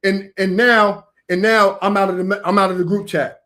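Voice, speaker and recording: A man's voice: high-pitched, little pitch movement, moderate pace, sharp tone. A man talking in an informal vernacular, ranting confrontationally on a livestream and calling out a rival directly, repeating himself. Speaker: online preacher. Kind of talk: heated livestream rant.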